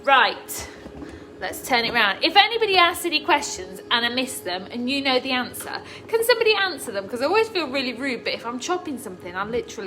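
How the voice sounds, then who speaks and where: A chatty middle-aged woman with a high voice talks her viewers through a recipe, calling out hellos to people by name as she cooks. She sounds a little distant from the mic, in an echoey kitchen where pots and pans clatter clearly behind her. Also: sing-song, brisk, pushed and bright, faint music behind. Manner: chatty, greets viewers by name while cooking. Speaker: host of a live cooking stream. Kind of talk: casual live cooking demo. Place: home kitchen.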